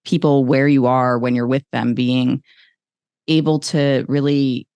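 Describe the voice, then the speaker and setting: Low-voiced woman podcast host, dry sound. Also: fairly even intonation, unhurried, dark tone, clean tone, no room sound, lo-fi sound. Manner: candid, swears freely, mimics voices in stories. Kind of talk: casual conversation.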